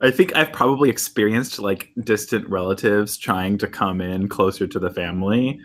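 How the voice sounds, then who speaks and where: A man playing in a tabletop game, halting and dryly humorous. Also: fairly low pitch, fairly bright tone, slight background noise. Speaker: player. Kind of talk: casual tabletop role-play.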